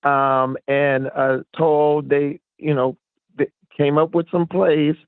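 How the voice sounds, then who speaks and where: A man from Fresno calling into a sports talk show, talking in a friendly, halting, rambling way. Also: on the high side, flat delivery, smooth, no echo. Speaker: caller. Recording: phone line.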